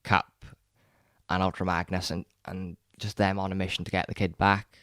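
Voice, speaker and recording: Low-voiced male co-host, excited rambling chat, close and dry. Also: moderate pace, no room sound. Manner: rambling, enthusiastic, frequent restarts and stammers. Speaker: podcast co-host. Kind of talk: casual chat about films.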